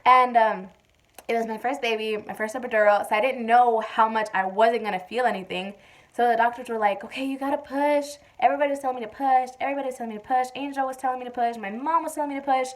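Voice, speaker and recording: A young woman vlogger casually telling a personal story to the camera, chatty and full of fillers, acting out quotes loudly. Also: fairly high pitch.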